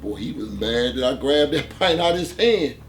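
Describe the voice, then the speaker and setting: A man's voice: mid-range voice, moderate pace, soft background music. A man host telling a gritty street-life story in a profane, conversational way, often tossing in "man". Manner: animated, profane, conversational, with many "man" fillers.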